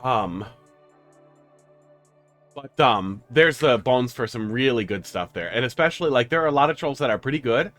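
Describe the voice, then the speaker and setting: Male streamer, casual live chat, bouncy animated pitch, faint music behind. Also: normal speed, pauses often. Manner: chatty, cooing baby talk to his pets.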